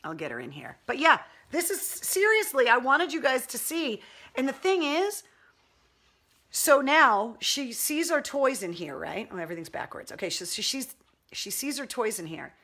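A woman's voice: high-pitched, sing-song, normal speed, sharp tone. A woman hosting a casual livestream from home, talking loosely and rambling, with lots of fillers, about her puppy. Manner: chatty, rambling, baby talk to her dog. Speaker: live stream host.

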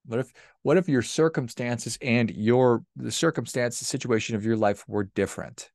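A male podcast host delivers a motivational monologue, telling a story and pressing his point with emphatic repetition. His voice sits at a middle pitch and sounds dry and close, with no room echo. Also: moderate pace, vocal fry, darkish tone. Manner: conversational, emphatic, repeats for stress.

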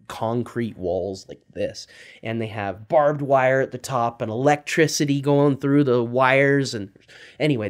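Guy reading a story to little kids, lively, keeps asking them questions. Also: medium pitch. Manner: animated, quizzes young listeners. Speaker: children's storyteller. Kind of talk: retelling a film story for kids.

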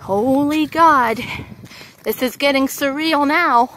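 A woman vlogging outdoors at a fairground, gushing with excitement, whooping and repeating her exclamations while filming on a handheld camera. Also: high-pitched, slow, a little hiss or hum. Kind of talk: casual vlog commentary while filming.

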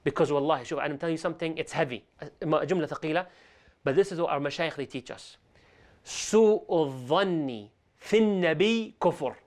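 A man teaching a religious lesson as a sheikh, talking animatedly and switching between English and Arabic. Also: high voice. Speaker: sheikh teaching Islamic stories.

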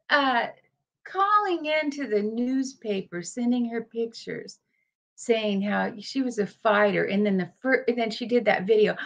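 A woman's voice: a little high, a little slow, lo-fi sound. A woman vlogging from home, talking casually to her viewers and her dogs, teary-eyed. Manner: chatty, tearful, talks to her dogs. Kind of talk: casual livestream chat.

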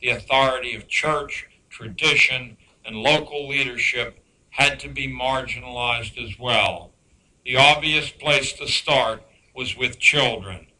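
A man giving a public lecture on education, emphatic and dryly sarcastic, slowing down to stress key words. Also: medium pitch, sharp tone, low-quality recording. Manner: dry sarcastic asides.

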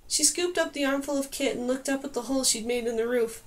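Brief: woman narrator, high voice, calm storybook reading. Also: fast talker. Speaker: audiobook narrator. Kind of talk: scripted narration.

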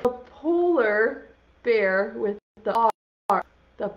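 A woman's voice: medium pitch, expressive, takes it slowly, dull audio. A young woman teaching a virtual preschool class, playful and encouraging, praising children's guesses in a sing-song way.

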